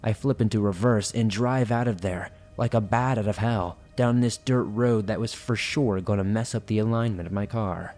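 A man's voice: fairly low pitch, normal speed, hardly any pauses, darkish tone, soft background music. A man reading listener horror stories aloud in a suspenseful storytelling manner.

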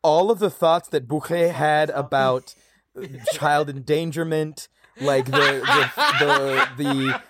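A player in a tabletop game, lively and joking, with quick flustered asides. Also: medium pitch, noisy background. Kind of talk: tabletop game play, casual.

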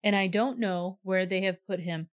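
A woman's voice: mid-range voice, steady tone, normal speed, natural voice. Grieving pleading young woman, as a woman reads her.

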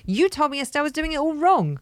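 A woman co-hosting a casual chat, animated and teasing, often laughing. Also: high voice, fast, no room sound. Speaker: podcast co-host.

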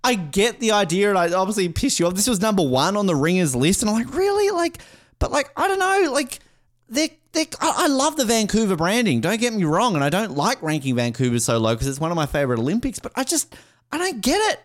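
A man co-hosting a podcast, talking in casual banter that is animated and rambling, with lots of laughing and swearing. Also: high voice, fast talker. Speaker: podcast co-host. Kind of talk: casual banter ranking mascots.

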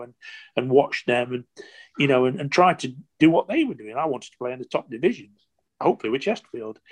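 A man in his sixties, a former footballer, telling stories casually in an interview, animated and rambling with lots of "you know" and restarts. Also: medium pitch. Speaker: former professional footballer, guest.

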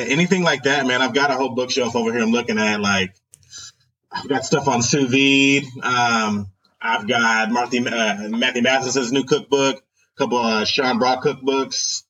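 A man's voice: mid-range voice, normal speed, sharp tone. A laid-back man chats casually as a host, full of slangy fillers. He sounds set back from the mic, and his audio is dull and muffled. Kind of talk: casual chat. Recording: dull, distant remote audio.

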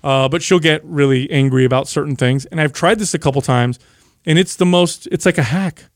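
A man's voice: a little high, a little fast, no room sound, clean studio sound. A man in his thirties telling a story animatedly in a casual podcast chat. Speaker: podcast co-host.

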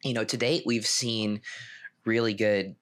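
A male podcast co-host and pro pickleball player in casual chat, talking in a relaxed, rambling way with frequent restarts. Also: lowish voice, unhurried.

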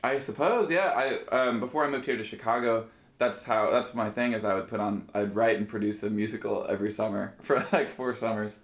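A man's voice: lowish voice, a little fast, echoey room. A man from Nebraska chatting as a comedian guest, easygoing and self-mocking. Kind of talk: casual chat.

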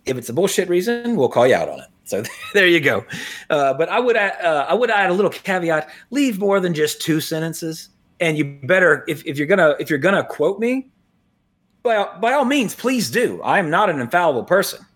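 A man's voice: high-pitched, very animated, fairly quick, fairly bright tone, slightly rough. Rambling, chuckling male podcast host. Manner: rambling, chuckles often, many restarts. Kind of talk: casual podcast chat.

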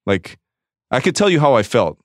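A man's voice: mid-range voice, sing-song, moderate pace, no room sound, clean studio sound. A man, a guest on a podcast, telling a candid confessional story in a rambling, profane way, often quoting himself and restarting his sentences.

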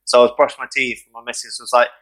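A man co-hosting a casual podcast chat, telling stories animatedly in quick bursts. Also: mid-range voice, little pitch movement, a bit bright, poor audio. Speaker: co-host, mental health support worker.

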